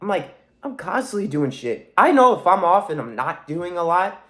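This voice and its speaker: A man's voice: sits high, big pitch swings, normal speed, a bit bright. A man in his twenties with a sore throat and stuffy nose, talking in a rambling, profane monologue to camera. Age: 20s. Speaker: vlogger.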